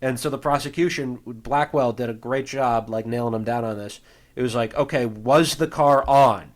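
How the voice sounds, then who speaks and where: A man's voice: medium pitch, moderate pace. Rambling American man podcast host. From United States. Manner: rambling, frequent fillers and restarts. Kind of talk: casual chat.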